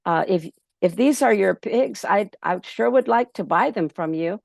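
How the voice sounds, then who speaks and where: A woman's voice: medium pitch, expressive, moderate pace, gravelly, a little mellow, dry recording, clean studio sound. A woman voicing a grown male ranch boss who asks blunt questions and is easily fooled. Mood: friendly.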